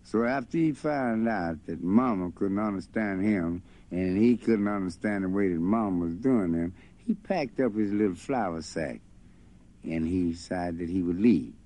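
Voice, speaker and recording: A man's voice: deep voice, unhurried, dark tone. A man telling a folk tale in a loose, folksy spoken way. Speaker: storyteller. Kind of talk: folk tale told over guitar. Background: faint guitar.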